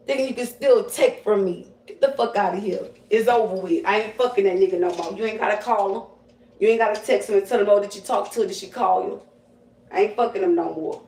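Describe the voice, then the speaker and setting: A woman livestreaming as a psychic medium launches into a profane, confrontational rant full of slang. Her medium-pitched voice is a little mellow, and the recording sounds roomy, as if she's far from the mic.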